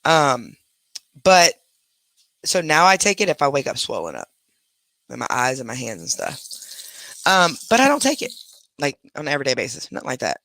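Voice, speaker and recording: A man's voice: medium pitch, huge pitch swings, moderate pace, creaky, pauses often, bright, forceful tone, dry recording. A man hosting a casual live stream from bed at home, rambling through stories and stopping to talk to his pets. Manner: rambling, chatty, talks to pets between stories. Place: at home in a bedroom, lying in bed.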